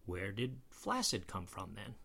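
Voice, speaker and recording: Lively low-voiced man explaining pronunciation. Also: unhurried, vocal fry, slightly rough. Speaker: pronunciation lecturer. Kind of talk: scripted educational narration.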